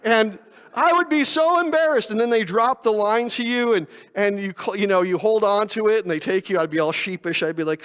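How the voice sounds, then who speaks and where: Fairly quick and fairly bright, this very high male voice has lively intonation. The pastor preaches in a chatty, self-mocking style, questioning his congregation rhetorically, with long church reverb around him.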